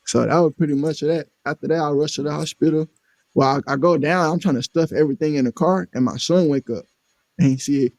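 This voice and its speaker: A man, a guest on a casual podcast, tells an animated story in profane slang and acts out other people's voices. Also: a little high, quick pace, no room sound.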